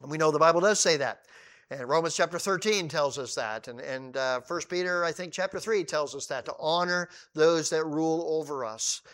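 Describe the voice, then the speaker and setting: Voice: mid-range voice, normal speed. A preacher giving a conversational Bible teaching, acting out the scenes in everyday paraphrase and driving points home through repetition. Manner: retells scripture scenes in lively, acted-out paraphrase; emphatic repetition.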